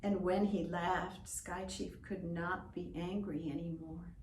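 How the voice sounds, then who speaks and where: A woman telling a folk tale in slow, expressive, drawn-out narration. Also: on the low side, slight background noise. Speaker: storyteller. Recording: roomy echo, distant from mic.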